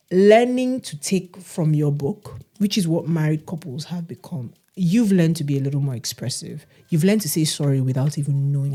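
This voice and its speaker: A woman chats on a podcast in a low, mellow voice. She tells her stories with animation and slips into other people's voices as she goes. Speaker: podcast co-host. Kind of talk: casual chat.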